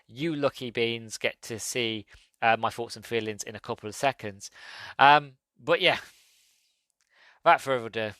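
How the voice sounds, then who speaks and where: A man's voice: mid-range voice, moderate pace, pauses often, sharp tone, no echo. A man hosting a podcast, rambling through a casual solo movie review with frequent self-corrections. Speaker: podcast host.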